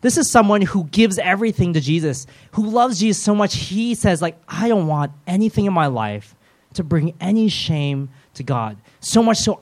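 A man preaching a sermon in a lively, conversational way, with self-deprecating humor and quick role-played voices. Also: a little high. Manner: animated, acts out voices of biblical figures.

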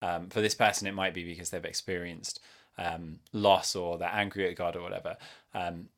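A man's voice: sits low, level tone, moderate pace, a bit bright. A man hosting a casual faith conversation, speaking thoughtfully with many fillers and hedges.

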